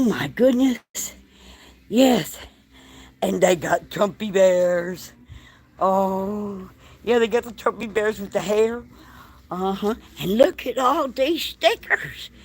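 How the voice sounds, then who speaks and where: A woman's voice: medium pitch, gravelly, breathy edge. A woman, filming a casual vlog walk-through of an indoor shop on a handheld phone, exclaiming and gushing over what she sees. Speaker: vlogger.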